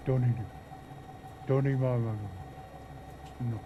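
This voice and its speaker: A man's voice: mid-range voice, a little slow, pauses often, highs cut off, background noise. A man chatting casually on his livestream, telling a long rambling story and talking to his dog in between. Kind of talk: casual chat with stream viewers.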